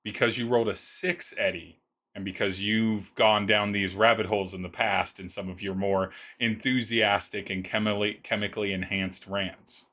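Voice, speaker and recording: A man narrating a tabletop roleplaying session as game master. His voice sits fairly low, and he describes each scene in loose, halting sentences full of restarts. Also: steady tone, bright, forceful tone.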